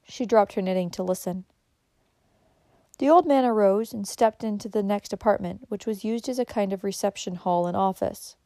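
A woman narrates a story in a gentle, measured reading manner. Her voice is mellow and warm, and the recording is close and dry, with no room sound. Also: medium pitch, no echo.

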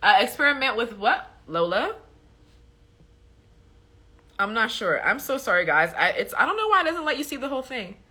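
Her voice is on the high side and sharp, swinging widely in pitch at a normal speed with frequent pauses. Hosting a faith livestream, she fields viewer questions in a chatty, filler-heavy teaching style, repeatedly punctuating points with a preachy "okay?".

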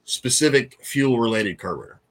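A man chatting casually on a racing livestream. His pitch swings around a lot as he talks, and his manner stays loose and joking, with the odd swear word thrown in. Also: expressive, fairly quick, a bit bright. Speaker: racing co-host.

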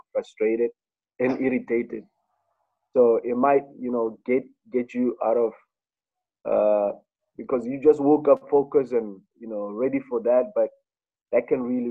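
A man's voice: medium pitch, breathy edge. A man answering the host's questions on air, hesitant and restarting often. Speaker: guest. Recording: tinny phone line.

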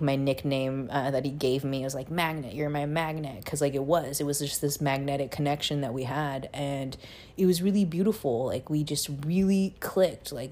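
A woman's voice: rumbling low, a little mellow. A young woman telling her own story in casual, blunt, profanity-laced talk, filled with "like". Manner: blunt and profane, heavy use of "like". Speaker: podcast host telling her life story.

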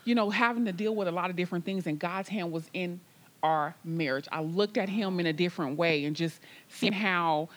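A woman's voice: on the low side, a little fast. A woman earnestly telling a faith testimony as a guest on a talk show. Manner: earnest, emphatic storytelling.

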